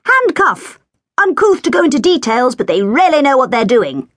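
A woman narrator voicing a pompous, self-important man who bellows his words in a lively, raised voice. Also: sits high, moderate pace, dry recording, pitched above the performer's own voice, full character voice. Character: pompous loud man, trumpeting about finance.

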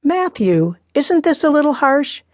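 A woman narrator voicing a gentle, conciliatory middle-aged mother in an audiobook, speaking softly and reasonably. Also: high voice, very animated, a little slow, no room sound, voice pushed up. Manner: soft, reasoning. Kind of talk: audiobook character reading.

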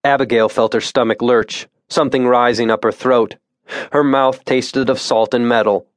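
A man reading a suspense thriller audiobook in a measured, tense narration voice on a close studio mic. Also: mid-range voice, fairly even intonation, no room sound. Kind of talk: scripted narration.

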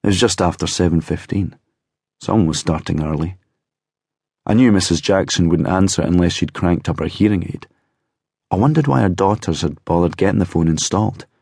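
A man reads a novel aloud in the first person with a low, slightly husky voice. His narration is measured with a wry edge, and the recording is close and dry. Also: darkish tone, no room sound. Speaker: audiobook narrator.

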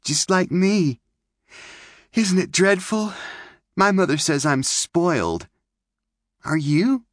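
A man's voice: high-pitched, expressive, slow pace, long pauses, no echo, studio quality, voice pushed up. A man putting on an eager little pioneer girl. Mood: chatty. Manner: bright, eager, chattering.

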